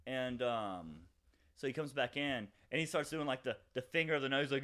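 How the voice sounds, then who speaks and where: A man's voice: medium pitch, a bit bright. A young man, a podcast co-host, telling a rambling story in casual chat with lots of fillers. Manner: rambling, fast, many fillers and acted quotes.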